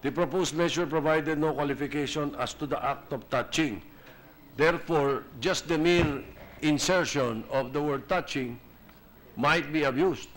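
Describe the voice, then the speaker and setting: A man's voice: fairly high pitch, poor audio. A man with a Filipino accent, a senate majority leader, reading out legal text in a legislative chamber and slipping into Filipino phrases. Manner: formal, quotes text, slips into Filipino. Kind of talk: formal legislative debate.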